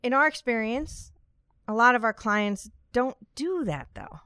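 A young woman hosts a podcast in a bright, upbeat way with flashes of dry sarcasm. Her voice is clear and smooth, recorded close with a dry sound. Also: a little high, very animated, measured pace, no room sound. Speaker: podcast host. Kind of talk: scripted podcast conversation.

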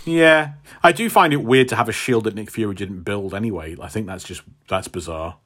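A man's voice: lowish voice, a little fast, a bit bright. A man co-hosting a podcast in a casual, wry, teasing way. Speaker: podcast co-host. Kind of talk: casual chat.

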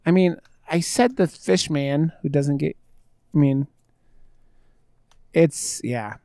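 A man's voice: a little high, slow pace, dark tone, smooth, no room sound, studio quality. A man co-hosting a podcast, talking about a film in a rambling, jokey way, with plenty of swearing and filler words. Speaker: podcast co-host. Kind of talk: casual film discussion.

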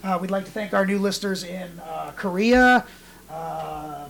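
A man's voice: high voice, measured pace, creaky, a bit bright, a little hiss or hum. A man co-hosting a laid-back podcast, spinning long, rambling anecdotes. He talks loosely and casually, in a natural conversational way. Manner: rambling storyteller, acts out quotes in mock voices. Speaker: podcast co-host.

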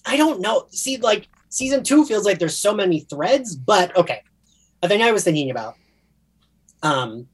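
A co-host from New Jersey talks in a New Jersey accent, chatting casually about a TV series. The pitch moves in a lively way and the voice is a little husky. The talk rambles, full of fillers and restarts. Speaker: podcast co-host.

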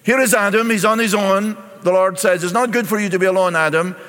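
A middle-aged pastor, preaching a sermon and reading scripture aloud before explaining it. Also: male voice, high voice, a little fast, a bit bright. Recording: long reverb in a large hall.

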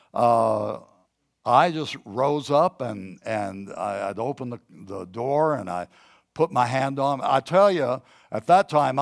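A man's voice: medium pitch, vocal fry. A middle-aged man preaching a sermon, teaching and then telling a personal story in a conversational way, with many fillers and restarts.

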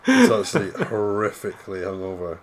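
A man co-hosts a relaxed podcast chat, dropping dry, deadpan jokes as he talks. His voice is somewhat low and unhurried in its humour. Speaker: podcast co-host. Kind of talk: casual chat.

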